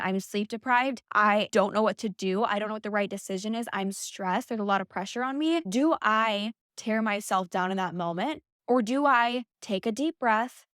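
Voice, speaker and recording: A woman's voice: medium pitch, fairly bright tone, no echo, clean studio sound. A young woman vlogging, giving blunt, emphatic motivational talk and swearing freely. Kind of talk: casual motivational talk to camera.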